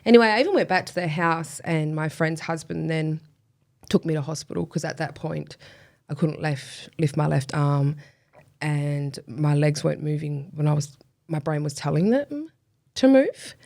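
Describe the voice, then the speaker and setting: A woman's voice: low voice, normal speed, gravelly, a little mellow. A woman guest telling a personal story in a casual interview, chatty with lots of fillers and self-deprecating laughs.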